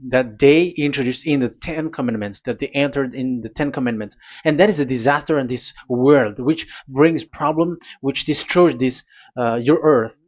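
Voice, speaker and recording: Man, preacher, sermon, halting phrases, forceful emphatic bursts, muffled low-fidelity sound. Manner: deliberate, halting delivery with sudden emphatic loud bursts.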